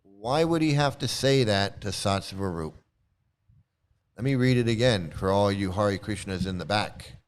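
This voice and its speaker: A man's voice: lowish voice, measured pace, smooth. Sarcastic man giving profane commentary. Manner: sarcastic and swearing, mocking voices now and then. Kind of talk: critical commentary on read-out quotes.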